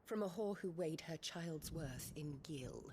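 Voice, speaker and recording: A woman's voice: low voice, lively intonation, measured pace, darkish tone, a little hiss or hum. An actress playing a cruel, haughty noblewoman in a video game, speaking with cold contempt. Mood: sneering.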